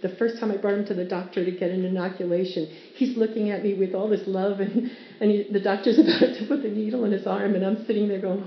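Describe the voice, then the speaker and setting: A woman's voice: medium pitch, fairly quick. A woman giving a devotional Bible teaching, earnest and storytelling, sometimes laughing as she explains. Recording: roomy, dull lo-fi sound with faint ambience.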